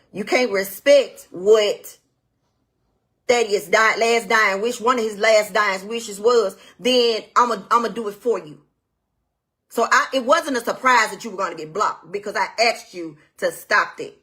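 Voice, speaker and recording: A woman with a somewhat high voice speaks straight to camera, blunt and indignant. She tells her side of a dispute emphatically, leaning on repeated "I said" retellings. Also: fairly bright tone. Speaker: widow telling her side of a family dispute. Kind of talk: direct-to-camera talk.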